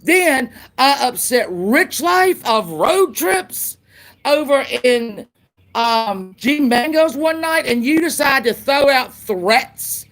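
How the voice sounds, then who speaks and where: A woman's voice: sits high, animated, slow pace, fairly bright tone. Angry, profane woman on a livestream rant. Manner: repeats lines for emphasis. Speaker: YouTuber.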